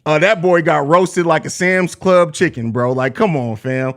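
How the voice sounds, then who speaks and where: High-voiced man hosting a heated live stream. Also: a little slow. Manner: profane, heated trash talk at a chatter; repeats himself, laughs often. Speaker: host of a live postgame show. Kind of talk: casual live-stream chat, reading viewer comments.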